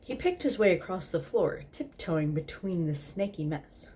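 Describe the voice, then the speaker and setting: A woman's voice: fairly low pitch, expressive, moderate pace, warm tone, a little hiss or hum. A tipsy woman host reading a story aloud in a casual, giggly way, stumbling over words.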